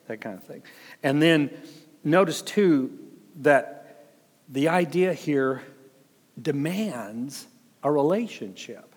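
A man's voice: fairly high pitch, expressive, slow pace, long pauses, slightly rough, long reverb tail. A man preaching as a pastor, telling stories with chuckles and acting out what people said. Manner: storytelling, chuckling, acts out quotes. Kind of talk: sermon with personal stories.

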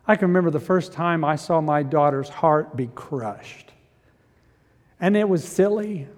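A middle-aged man preaching a sermon, moving from quiet reflection to loud, impassioned preaching. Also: on the high side, unhurried, big-room sound. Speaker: pastor.

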